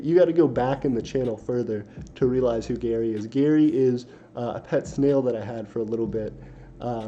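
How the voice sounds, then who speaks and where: Casting a young man to host a casual stream: keep it dark and mellow, ramble a little, stop and correct yourself, and read the chat comments off the screen. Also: mid-range voice. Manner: rambling, many fillers and self-corrections. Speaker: livestream host. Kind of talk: casual livestream chat, reading viewer comments aloud. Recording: dull lo-fi stream audio with faint hiss.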